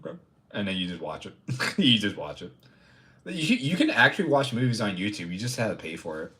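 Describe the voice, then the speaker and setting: Lively, rambling young male streamer. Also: on the low side, fairly quick. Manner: rambling, profane, jokey, talks to chat, bursts into loud mock outrage. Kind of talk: casual live-stream chat.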